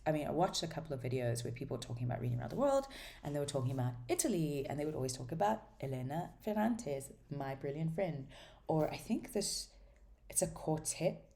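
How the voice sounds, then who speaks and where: Very low-voiced, mellow woman vlogger. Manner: chatty and rambling, with many ums and restarts; enthusiastic about books. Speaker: book vlogger. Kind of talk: casual book haul chat.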